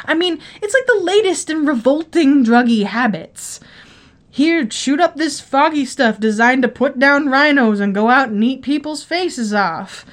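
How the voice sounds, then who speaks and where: High-voiced woman reading a story, gossipy and dramatic. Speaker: guest story reader. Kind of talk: first-person story reading.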